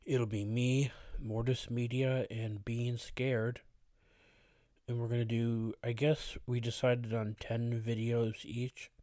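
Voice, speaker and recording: A man hosts a relaxed live stream, chatting with viewers and filling pauses with "uh". His voice is warm and low-toned, a little rough as it recovers. The sound is dry and close to the mic. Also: no echo. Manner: relaxed, greets chat viewers by name, frequent uh fillers. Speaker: horror story channel host. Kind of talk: casual live stream chat.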